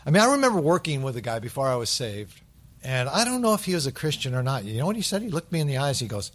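Middle-aged male pastor, sermon delivery, emphatic peaks and soft low asides. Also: sing-song, fast. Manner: swings from loud emphatic bursts to hushed low asides.

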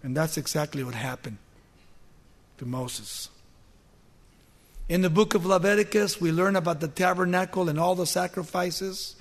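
A man's voice: sits high, fairly bright tone, in a large hall. A male preacher telling a Bible story in a sermon, asking the congregation rhetorical questions as he goes.

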